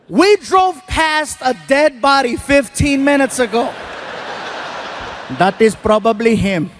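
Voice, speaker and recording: A man doing a stand-up comedy routine on stage, telling stories in an animated way with loud bursts. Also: very high voice, slow pace, a little hiss or hum. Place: stage before a live audience.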